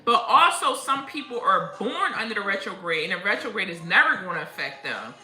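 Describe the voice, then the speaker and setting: An animated, laughing storyteller hosts a spiritual livestream, her mid-range voice moving briskly through casual chat and anecdotes. The recording has an echoey room sound with faint music.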